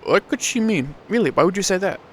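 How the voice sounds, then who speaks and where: A man's voice: high voice, animated, quick pace, slight background noise, pitched above the performer's own voice. A man voicing a tired but friendly village woman, in a put-on Welsh lilt and a chatty, inquisitive manner.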